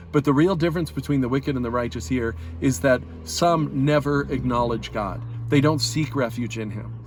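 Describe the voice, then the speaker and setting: A man giving a relaxed, conversational Bible study talk, explaining plainly with fillers and restarts. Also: medium pitch. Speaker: Bible teacher.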